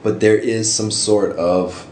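Lowish-voiced man telling stories, roomy sound. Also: takes it slowly. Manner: animated, jumps into high voices for quoted reactions. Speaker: interview guest, costume hobbyist. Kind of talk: casual storytelling in an interview. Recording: roomy with faint ambient noise.

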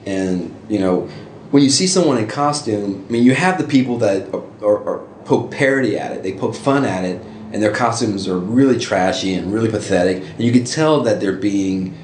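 A middle-aged man casually telling stories as an interview guest, with animated jumps into high voices for quoted reactions. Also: moderate pace. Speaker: interview guest, costume hobbyist. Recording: roomy with faint ambient noise.

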